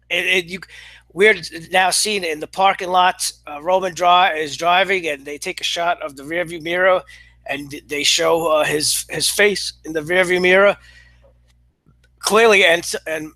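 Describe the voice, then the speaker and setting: A man reviewing a show in a casual monologue, exasperated and sarcastic, halting with frequent restarts and fillers. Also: on the high side, sharp tone, no room sound. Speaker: wrestling commentator.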